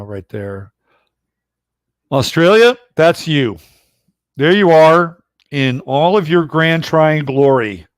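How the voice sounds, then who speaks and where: A man's voice: medium pitch, clear, resonant tone, no room sound, studio quality. A middle-aged man hosting a casual livestream about astrology, rambling and blunt, with occasional swearing. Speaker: astrologer host.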